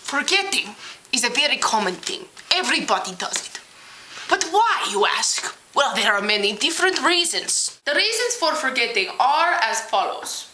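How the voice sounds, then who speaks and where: A young woman plays a hammy, eccentric female professor who lectures in a stiff, overly formal way. Her voice sits high and swings widely in pitch. The recording is roomy and echoey, with noise behind her. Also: sing-song, moderate pace. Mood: lecturing. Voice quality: theatrical, overly formal delivery. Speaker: mock lecturer. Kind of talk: homemade comedy sketch lecture.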